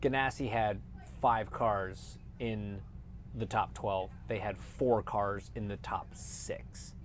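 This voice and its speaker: A man in his thirties, a former race driver turned analyst, telling stories in a lively, casual interview chat. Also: lowish voice, slow, a little hiss or hum. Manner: animated storyteller who acts out quotes.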